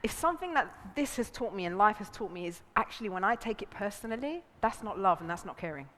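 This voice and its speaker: A woman's voice: mid-range voice, quick pace, slight background noise. A woman leading a relationships seminar, talking animatedly and acting out voices with frequent laughs. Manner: animated, acts out voices in quotes, laughs often. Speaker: seminar leader. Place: seminar room. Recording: long hall reverb.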